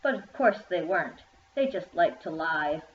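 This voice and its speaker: A woman's voice: fairly low pitch, expressive, moderate pace, distant mic, natural voice. A woman reading the part of a snobbish, spiteful teenage girl, in an echoey room with dull sound. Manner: snobbish, insistent.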